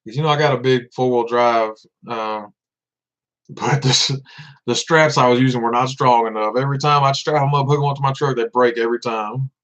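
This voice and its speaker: A man's voice: mid-range voice, steady tone, fairly quick, fairly bright tone. Laid-back Southern man, lo-fi audio. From Tennessee, US. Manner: laid-back, laughs often, repeats himself. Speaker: vlogger. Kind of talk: casual livestream chat. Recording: dull lo-fi sound.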